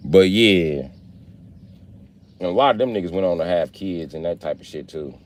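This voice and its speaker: Speaking at a moderate pace in a low voice, this young man is live-streaming and talking directly to his chat. His conversation with viewers is loose, rambling, casual, and full of profanity.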